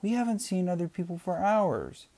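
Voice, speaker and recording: A man plays an insecure young wife who frets over every risk. The voice is raised above his own but soft and mellow, with worried, questioning lines. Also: high-pitched, big pitch swings, normal speed, voice pushed up, heavily acted. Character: anxious, insecure woman of thirty.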